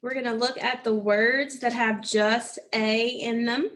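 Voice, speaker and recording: A woman teaching a phonics lesson, saying each word slowly and repeating it several times. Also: fairly high pitch, steady tone, fairly bright tone. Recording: echoey room from a distance.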